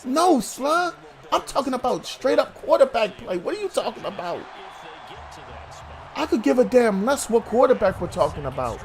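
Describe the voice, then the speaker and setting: A man hosting a sports talk show, arguing heatedly with a co-host, swearing and calling him bruh. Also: extremely high pitch.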